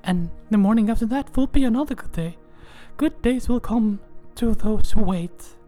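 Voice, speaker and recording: A woman puts on a dreamy, self-absorbed woman who rambles on in a warm, mellow voice set a little high. She breaks into breathy giggles and swoops up into high squeals, and faint music sits behind her. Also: lively intonation, moderate pace, close to an everyday voice. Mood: giggly. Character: giggly, dreamy Icelandic woman celebrity persona. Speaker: podcast segment host. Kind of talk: comedic monologue segment.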